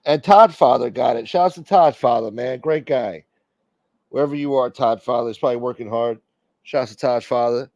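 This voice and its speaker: A man's voice: medium pitch, moderate pace, darkish tone, no echo, muffled recording. A man hosting a casual livestream, joking brashly with viewers and swearing freely. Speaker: livestream host.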